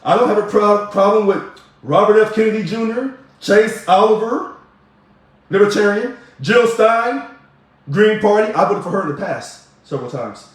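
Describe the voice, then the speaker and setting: A man's voice: high voice, lively intonation, moderate pace. A man giving emphatic, preachy political commentary straight to camera while showing his ballot. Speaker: video blogger. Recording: very echoey room.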